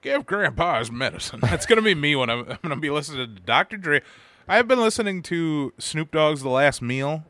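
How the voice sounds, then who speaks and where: A man's voice: a little high, animated, a little fast, sharp tone, dry recording. A man with an Upper Midwest American accent, co-hosting a casual podcast and telling crude, rambling stories full of swearing. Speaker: podcast co-host.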